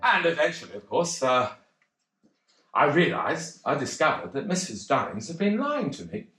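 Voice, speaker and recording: A man's voice: fairly high pitch, very animated, moderate pace, pushed and bright, faint music behind. An actor playing a bashful, rambling cocktail pianist in a one-man stage monologue, hesitant and self-deprecating. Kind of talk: theatrical monologue. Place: theatre stage. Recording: roomy theatre.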